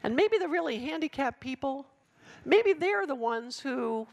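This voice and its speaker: A woman giving a passionate sermon to students, emphatic and with dramatic pauses. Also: high-pitched, lively intonation. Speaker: speaker addressing students.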